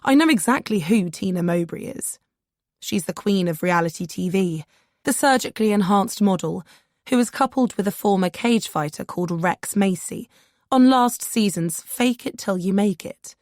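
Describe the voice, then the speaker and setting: A woman's voice: medium pitch, animated, normal speed, a little mellow, dry recording, clean studio sound. A woman narrating a first-person audiobook in a nervous, self-deprecating voice.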